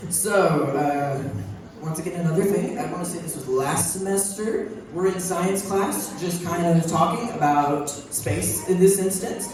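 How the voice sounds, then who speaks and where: A man's voice: high-pitched, measured pace. Teen boy telling stories in an echoey hall. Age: young teen. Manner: rambling, laughing through his own jokes. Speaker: student comedian. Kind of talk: stand-up storytelling. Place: large school hall with an audience. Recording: very echoey hall, crowd and noise from far off.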